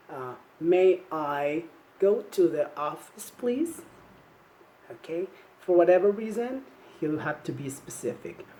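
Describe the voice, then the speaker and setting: Slow, lively-voiced woman teaching English. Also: deep voice, slight background noise, rough recording. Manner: slow, clear, encouraging, modeling phrases for repetition. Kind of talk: teaching demonstration to young learners.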